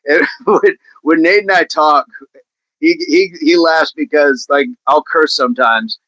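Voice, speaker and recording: A man's voice: a little high, slow pace, a bit bright, no room sound, muffled recording. A middle-aged man hosting a livestream, chatting casually, reading viewers' comments, laughing often and repeating phrases playfully. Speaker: livestream host.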